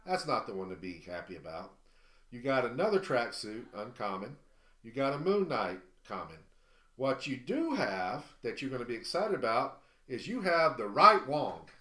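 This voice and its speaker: A man's voice: medium pitch, very animated, moderate pace, fairly bright tone, echoey room. A man hosting an online auction stream, chatting casually and rambling through a list of prizes with many fillers, a little out of breath. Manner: rambling, lots of fillers while listing items. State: slightly out of breath. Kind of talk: casual live-stream chat.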